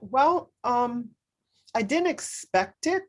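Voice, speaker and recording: A woman speaking as a podcast guest, telling a personal story in earnest, halting speech full of fillers and restarts. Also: fairly high pitch, expressive. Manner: earnest, speaks openly about faith.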